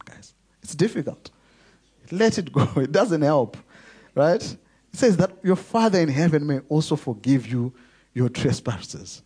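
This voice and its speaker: A man preaching in an emphatic sermon voice, pitched a touch high with a husky edge. He leans hard into key words and draws them out. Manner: emphatic preaching, rising to loud stresses and slowing on key words. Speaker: pastor.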